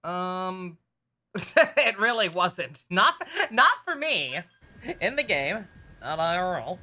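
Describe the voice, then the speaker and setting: Bright-voiced chatty game streamer. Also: medium pitch, sing-song, slow. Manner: chatty and wry, reads game dialogue aloud, laughs often. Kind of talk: casual live-stream gameplay chat.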